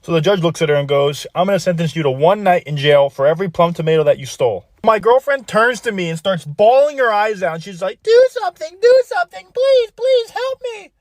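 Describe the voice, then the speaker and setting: A man's voice: a little high, expressive, fast talker, few pauses. A man telling comic stories in a casual way and putting on voices for the people in them. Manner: casual storytelling with put-on voices. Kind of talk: telling a joke story.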